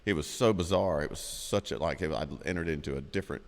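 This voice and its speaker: A male podcast co-host with a very low voice chats eagerly and tells stories. His voice carries a long, ringing reverb. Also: a little fast, creaky. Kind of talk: casual podcast chat.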